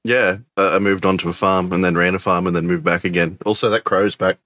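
A man's voice: low voice, steady tone, brisk, fairly bright tone, no room sound, studio quality. A man with an Australian accent, a podcast guest, laid-back, joking and swearing in casual chat.

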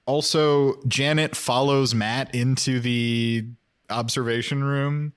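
A man's voice: mid-range voice, fairly even intonation, slow pace, smooth. Joking male podcast co-host. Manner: rambling, joking, laughs a lot. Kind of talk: casual chat recapping a show.

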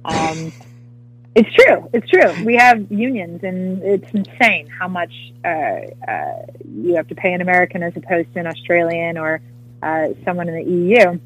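A woman from the US Midwest, an actress telling a story as a guest in an interview, animated and laughing often, with many fillers. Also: fairly low pitch, moderate pace, husky, no room sound, soft background music, poor audio.

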